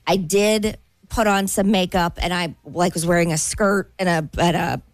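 A woman co-hosting a morning radio show, telling a story in lively casual chat and laughing often. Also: on the low side, normal speed, no room sound.

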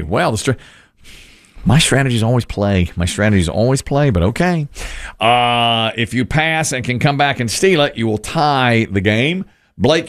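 A man hosting a survey game show, upbeat and joking as he reads answers and questions. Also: medium pitch.

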